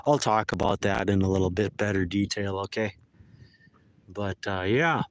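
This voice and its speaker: A man's voice: low-pitched, moderate pace. Man, casual livestream talk, on a lake outdoors, faint background noise. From eastern North Dakota. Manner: rambling and friendly, with restarts and self-mockery. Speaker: livestream host. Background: birds and faint outdoor noise.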